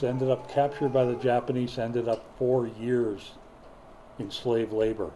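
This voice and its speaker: An older man preaching a sermon, a folksy joking storyteller who builds to loud, emphatic preaching. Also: mid-range voice, steady tone, moderate pace, slight background noise. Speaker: pastor.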